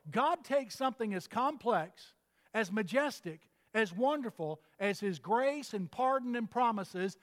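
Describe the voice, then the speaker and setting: An older man from Texas preaching a sermon, telling folksy, humorous stories as a pastor. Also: high-pitched. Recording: reverberant hall.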